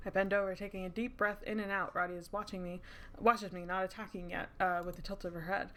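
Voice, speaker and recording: A woman streaming a story game, reading its lines aloud and reacting with animated, giggly, casual chatter. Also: medium pitch, quick pace, slight background noise. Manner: giggly, animated, swears casually, breaks into laughter.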